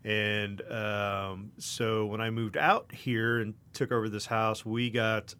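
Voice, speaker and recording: A man's voice: lowish voice, steady tone, slow pace, sharp tone, smooth. A man from Kansas co-hosting a podcast, an easygoing storyteller who leans on lots of fillers. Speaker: podcast co-host. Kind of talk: casual podcast chat.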